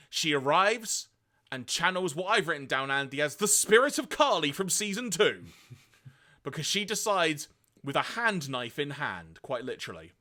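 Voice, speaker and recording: A man co-hosting a podcast, retelling episodes in a lively way and acting out quoted lines. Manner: lively storytelling, acts out quoted lines in high voices. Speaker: podcast co-host. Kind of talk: casual podcast recap.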